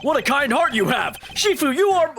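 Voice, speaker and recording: A man's voice: sing-song, normal speed, sharp tone, soft background music, exaggerated voice. A man doing a squealing, overemotional young underling. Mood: gushing, awestruck. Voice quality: high, strained, squealing. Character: excitable young male underling, overly emotional.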